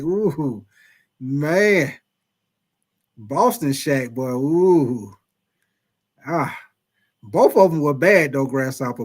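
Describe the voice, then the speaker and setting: A man hosting a casual sports talk show, reading out viewers' chat comments and answering them in a loose, slangy, chatty way with drawn-out exclamations. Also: a little high.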